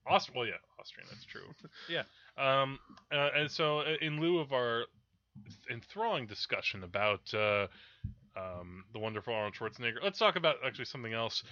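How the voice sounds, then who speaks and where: Guy cohosting a movie podcast, very bright tense voice, dry dull sound. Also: mid-range voice, animated, moderate pace, no echo. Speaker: podcast co-host. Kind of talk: casual film podcast chat.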